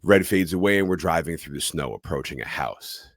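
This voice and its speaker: A man's voice: extremely low pitch, animated, brisk, no room sound, studio quality. A man co-hosting a podcast, recapping a movie scene by scene in a blow-by-blow narration. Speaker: podcast co-host.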